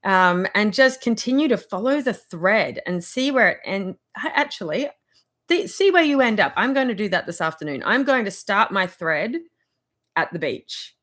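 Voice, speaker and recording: A woman's voice: mid-range voice, expressive, normal speed, a bit bright. A woman giving casual motivational advice in a vlog, rambling and chatty, with frequent laughs. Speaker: wellness vlogger.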